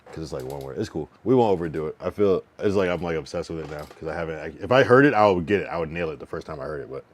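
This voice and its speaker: Racing along in a rumbling low voice with lively intonation, the young streamer keeps drilling the same word to get its pronunciation right. His casual stream talk wanders, packed with fillers and laughter.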